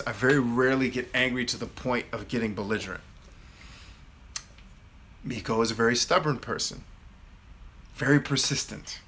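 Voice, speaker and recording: A man in his thirties hosting a live Q&A, telling a casual story in an animated way and acting out his own replies. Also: mid-range voice, a little hiss or hum. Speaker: host of a live Q&A.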